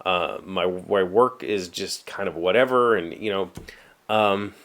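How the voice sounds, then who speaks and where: West Virginian man, lowish voice, rambling workshop vlogger, self-deprecating. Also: measured pace, a bit bright. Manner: rambling, self-deprecating, with frequent fillers and restarts. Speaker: vlogger, show host. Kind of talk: casual solo chat. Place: home workshop.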